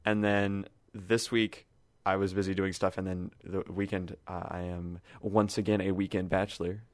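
A young adult man hosting a casual gaming podcast, chatty and relaxed, laughing easily. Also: low voice, moderate pace, dry recording. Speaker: podcast host.

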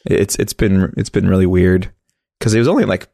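A man's voice: deep voice, lively intonation, moderate pace, gravelly, dark tone, dry recording, clean studio sound. A man co-hosting a podcast, rambling and hesitant, getting over a cold with a cough. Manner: rambling, hesitant, self-deprecating. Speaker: podcast co-host. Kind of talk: casual podcast chat.

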